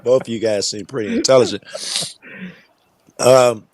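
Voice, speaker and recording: Man, middle pitch, dry close mic, halting, lots of ums, calming others down. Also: no room sound. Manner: hesitant, halting, many fillers, placating. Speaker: open podcast moderator. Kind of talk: casual live podcast chat.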